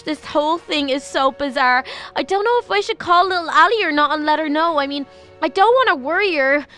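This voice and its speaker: Very high, bright-voiced anxious woman. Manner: anxious, rambling self-talk with many fillers and restarts. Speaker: channel host playing her own character. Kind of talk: Minecraft roleplay narration and voice acting.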